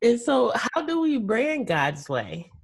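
A woman hosting a casual podcast interview who laughs often and answers her guest with warm agreement. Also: on the high side, sing-song, slow pace, gravelly, slightly rough. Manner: affirming listener, frequent laughs.

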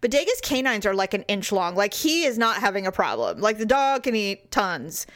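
A woman's voice: mid-range voice, big pitch swings, moderate pace, a bit bright. A woman co-hosting a casual chat, telling stories animatedly and acting out quotes in exaggerated voices. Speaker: podcast co-host.

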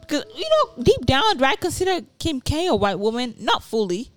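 A young woman co-hosting a podcast in loose, casual chat. Her voice sits a little high and swings widely in pitch. She laughs often and breaks off to restart her sentences. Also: brisk. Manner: animated, laughs often, self-interrupting. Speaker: podcast co-host.

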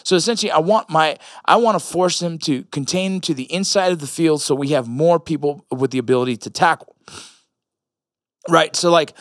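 A man's voice: fairly high pitch, a little fast, no room sound, clean studio sound. A man, a military veteran and father, talking casually in a blunt, profane way with rambling asides. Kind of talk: casual monologue.

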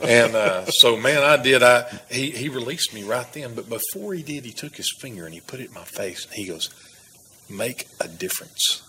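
A man's voice: mid-range voice, animated, a little fast, few pauses, noisy background. A man from Texas, earnestly telling his personal testimony as a guest. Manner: earnest storytelling with laughs and restarts.

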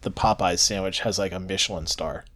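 Slightly low voiced guy on a podcast, jokey, hams up the product blurbs. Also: steady tone, a little fast, fairly bright tone. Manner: joking, reads product details in a mock-promo way. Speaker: podcast co-host. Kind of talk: casual chat.

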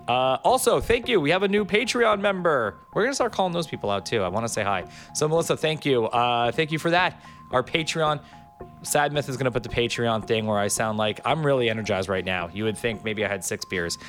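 A man's voice: mid-range voice, expressive, brisk, a bit bright, faint music behind. Rambling podcast host, casual man. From Miami Beach, Florida. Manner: rambling, loose and joking, with filler words. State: a bit under the weather.

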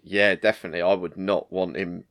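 A man's voice: sits low, flat delivery, brisk, fairly bright tone. A man in a casual chat, making dry, wry remarks and laughing often.

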